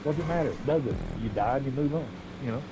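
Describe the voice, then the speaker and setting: A man's voice: mid-range voice, animated, fast talker, over music, rough recording. A man streaming a racing game, telling crude stories in a rambling, laughing way. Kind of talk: casual storytelling while gaming.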